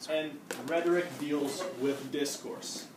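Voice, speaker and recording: A young man talks a small group through a reading in a loose, rambling way, full of fillers and restarts. He is picked up from some distance by the mic. The room rings with echo, and steady background noise sits under his voice. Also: fairly high pitch, slow. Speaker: discussion leader presenting to a study group. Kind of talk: casual classroom presentation.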